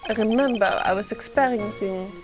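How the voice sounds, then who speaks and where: A woman's voice: medium pitch, fairly quick, close to an everyday voice, poor audio. A woman voicing a flamboyant, pompous male French chef with a hammy fake French accent, drawn out and theatrical. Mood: grandiose. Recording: streamer's voice with game music behind.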